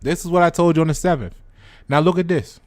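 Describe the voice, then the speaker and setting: A man's voice: on the high side, fast talker, dry recording. A man hosting a trading channel, chatting casually to his viewers with lots of repeated words and direct asks like "you see what I'm saying". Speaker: stock trading channel host. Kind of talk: casual explanatory chat to viewers.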